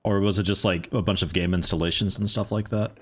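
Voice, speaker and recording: Fast and husky, his low voice holds a fairly even intonation. He's streaming gameplay, chatting in a meandering way and cracking jokes for his viewers.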